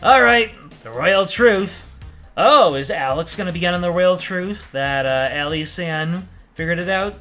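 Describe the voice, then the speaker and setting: Slow, bright-voiced man streaming a game. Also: fairly high pitch. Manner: chatty, reacting and joking aloud. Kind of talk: casual game streaming commentary. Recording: faint game music behind.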